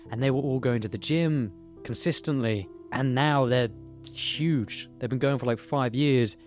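A man's voice: medium pitch, darkish tone. A young man, speaking candidly and earnestly in a personal motivational monologue, swearing now and then. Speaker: YouTuber.

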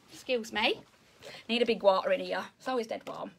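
A woman's voice: on the high side, animated, normal speed, slightly rough. A woman with a Yorkshire accent giving a chatty, bubbly online lesson for children, often joking about herself. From Yorkshire, England. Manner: chatty, bubbly, self-deprecating. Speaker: zoo educator.

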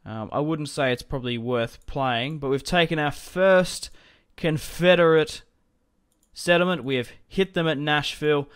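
A man's voice: on the high side, a little slow, smooth. A young man casually commenting on a strategy game as he plays, rambling and chatty, often laughing to himself. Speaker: gaming commentator.

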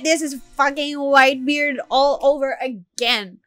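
A woman's voice: a little high, animated, unhurried, fairly bright tone, no echo, faint music behind. A woman hosting an anime reaction, commenting live, emotional and exclaiming, swearing often.

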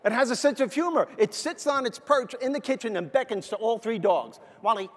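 A man giving a humorous motivational keynote, telling stories in an animated, energetic way in a large hall. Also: very high-pitched, fairly quick. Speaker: motivational speaker. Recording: long hall reverb.

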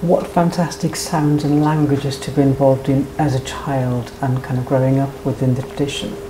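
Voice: medium pitch, little pitch movement, moderate pace. An interviewer asking polite, formally worded questions. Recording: echoey room with faint noise.

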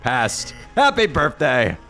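A man casually reading AI-written game dialogue aloud and reacting, laughing often and swinging between deadpan reading and loud outbursts. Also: mid-range voice, slow, creaky, soft background music.

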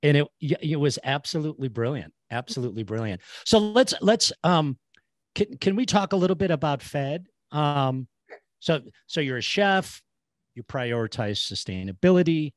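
A man's voice: on the high side, animated, moderate pace, dry recording. Dry-sounding man hosting an interview. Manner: warm storyteller, affirming, repeats words. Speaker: podcast host. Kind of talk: casual interview chat.

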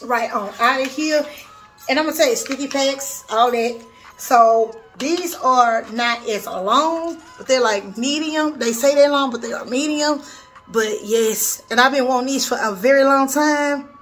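A woman with a high voice chats through a beauty haul while seated at her home bathroom vanity. She gushes over each item and keeps calling the viewers y'all. A faint music bed plays underneath. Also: unhurried, a bit bright. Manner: chatty, gushing, keeps addressing viewers as y'all. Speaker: beauty vlogger reviewing a nail haul. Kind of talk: casual haul video chat.

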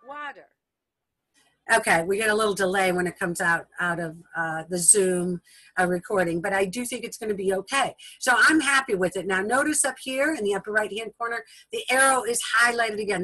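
A woman giving a patient step-by-step software tutorial over a video call, often repeating steps and checking in with her listeners. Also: mid-range voice, no room sound, rough recording. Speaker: instructor. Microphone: video call recording.

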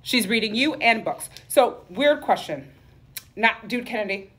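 Sassy woman pitching clothes live. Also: animated, unhurried, a bit bright, slightly rough. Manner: sassy, campy, peppers lines with "okay?" and "honey". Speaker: boutique owner selling clothes on a livestream. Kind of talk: live-sale fashion patter. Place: clothing store.

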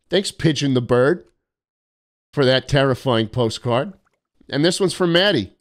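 A man's voice: medium pitch, animated, a little slow. A young man live-streaming a game, joking and sarcastic as he reads out viewer postcards. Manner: sarcastic, joking, mock-arrogant.

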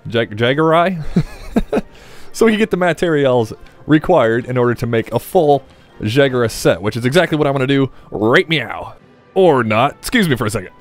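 A man's voice: medium pitch, expressive, fairly quick, soft background music. A man casually commenting on his gameplay as a Let's Play host, rambling and joking with his viewers. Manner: rambling, jokey, talks to viewers.

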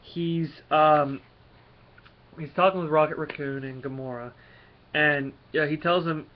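A man giving a casual spoken review of a comic, rambling and halting with many fillers. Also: fairly high pitch, fairly even intonation, lo-fi sound.

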